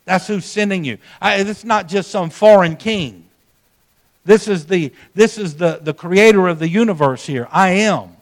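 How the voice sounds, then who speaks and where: A man preaching a sermon, emphatic and conversational, telling folksy stories and dropping suddenly to a soft voice. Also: high voice, a little slow. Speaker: pastor.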